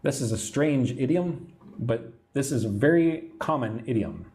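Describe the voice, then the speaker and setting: This American English teacher from Texas runs a live-stream lesson, explaining patiently, reading out viewer comments, and often tacking on "right?" His mid-range voice is expressive and darkish, moving a little slowly.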